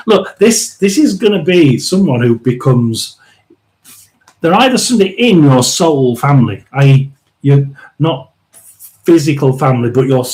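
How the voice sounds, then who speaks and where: A man hosting a live tarot reading, rambling and emphatic, often restarting and clearing his throat. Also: on the high side, a little mellow, poor audio. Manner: chatty and emphatic, drawn-out stresses. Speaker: tarot reader and live stream host.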